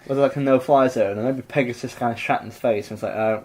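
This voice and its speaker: A man's voice: mid-range voice, fast talker. A man co-hosting a podcast, chatting casually and telling stories in a rambling, jokey way. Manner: rambling, lively storytelling with restarts. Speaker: podcast co-host. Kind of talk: casual comedic chat.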